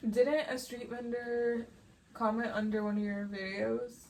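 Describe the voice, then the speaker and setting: Woman friend, casual chat, supportive sidekick, slightly high voice. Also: level tone, a little slow, darkish tone, a little hiss or hum, rough recording. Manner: supportive, chiming in.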